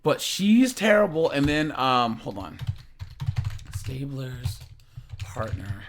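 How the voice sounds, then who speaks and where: Animated man rambling in casual commentary. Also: medium pitch, slow pace. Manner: rambling, repeats words, laughs often. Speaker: reaction channel host.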